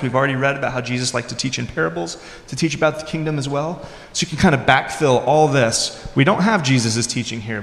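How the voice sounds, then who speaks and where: A man's voice: fairly high pitch, fairly bright tone. Man preaching in an echoey hall. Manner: conversational preaching, acts out quoted lines with voices. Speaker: pastor. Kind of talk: sermon. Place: church hall.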